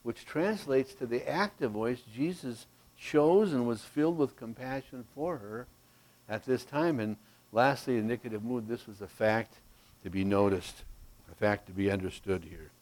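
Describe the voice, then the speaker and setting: Man preaching a slow, emphatic sermon. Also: medium pitch, a little mellow, low-quality recording. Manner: slow, emphatic verse-by-verse teaching with frequent "Okay?". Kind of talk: expository sermon.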